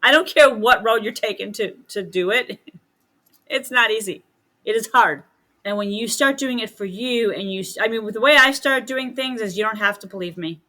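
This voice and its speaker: A woman's voice: fairly high pitch, moderate pace, pushed and bright. A middle-aged woman talking as a podcast guest, a medium and healer who chats casually and acts out quoted dialogue as she tells stories.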